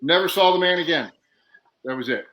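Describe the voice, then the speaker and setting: Slightly high, bright, and forceful, this man's voice comes across animated and a little fast on a rough recording. As a podcast guest he spins lively wrestling stories, laughing throughout and acting out quotes.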